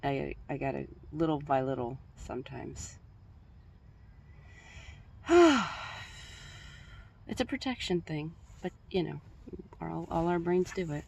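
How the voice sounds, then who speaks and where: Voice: mid-range voice, very animated, slow pace, gravelly, long pauses, darkish tone, slightly rough. A flustered vlogger rambling in a casual monologue at home, often stopping mid-sentence and laughing at their own jokes. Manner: flustered, rambling, self-interrupting. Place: at home, just woke up. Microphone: recording only audio, no video.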